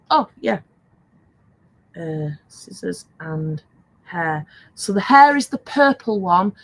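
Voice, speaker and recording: Older lady on a live stream, husky voice, natters away and giggles, mid pitch. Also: poor audio. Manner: chatty, laughs often, reads out viewer comments. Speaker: live stream host selling craft supplies. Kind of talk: casual live stream chat.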